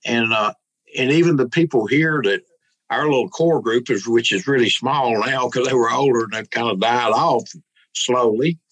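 A man speaks in a relaxed, mid-pitched voice as a pastor in a casual interview. He rambles in a folksy way, often slipping into other people's words as he tells a story. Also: moderate pace, low-quality recording. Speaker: pastor and guest.

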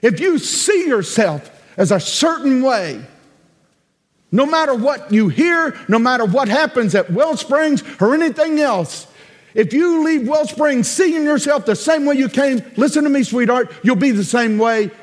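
A man preaches a sermon with a high, swooping voice. He drawls slowly and hammers his points through repetition and sudden loud cries. His words ring out with a long church-hall reverb. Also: lively intonation. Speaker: pastor.

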